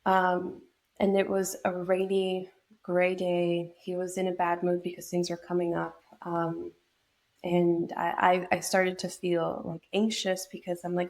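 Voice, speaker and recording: A woman's voice: on the low side, level tone, a little slow, a little mellow. A young woman from New York state, a podcast guest telling a personal story in a reflective way, with many fillers and restarts. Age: young adult.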